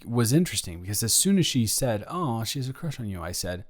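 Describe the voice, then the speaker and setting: A man's voice: on the low side, animated, fast, hardly any pauses. A young man improvising a romantic audio roleplay, telling a story in a playful, teasing, rambling way.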